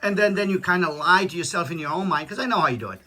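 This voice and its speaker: In a casual chat, a man whose voice is high, bright and forceful bluntly lectures his daughter, his stories thick with profanity. He talks very fast with lively intonation and sounds certain of everything he says.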